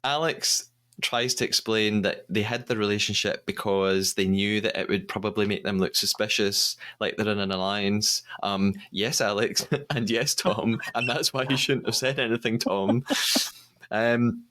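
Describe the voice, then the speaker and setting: A British man hosting a podcast, retelling a reality show episode in a lively, storytelling way with frequent laughs. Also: on the low side, normal speed. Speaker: podcast host. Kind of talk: casual podcast recap.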